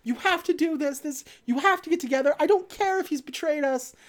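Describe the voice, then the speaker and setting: A woman's voice: high voice, fairly quick, voice pushed up, lightly acted. Woman putting on a weepy guilt-tripping mother. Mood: tearful pleading. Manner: pleading, tearful scolding.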